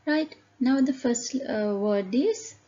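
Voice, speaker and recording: A woman teacher leads a phonics lesson, reading word lists aloud slowly and deliberately and calling out each word loudly. Her voice sits on the high side, and the sound is lo-fi.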